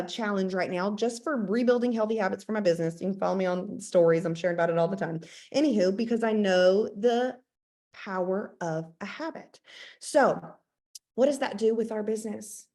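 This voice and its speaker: A woman's voice: medium pitch, darkish tone. A woman in her thirties giving a motivational talk about business habits, emphatic and repetitive with playful asides. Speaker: network marketing team leader.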